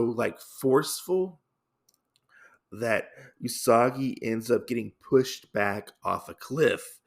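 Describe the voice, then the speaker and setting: A man hosting his podcast, recapping a comic in a relaxed, casual way with many filler sounds. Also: lowish voice, gravelly. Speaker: podcast host.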